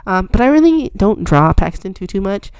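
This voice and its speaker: A woman's voice: medium pitch, big pitch swings, moderate pace, a little mellow, smooth, no room sound. A young woman chatting casually while she draws, rambling and self-deprecating with lots of fillers. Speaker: art vlogger. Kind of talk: casual chat while drawing.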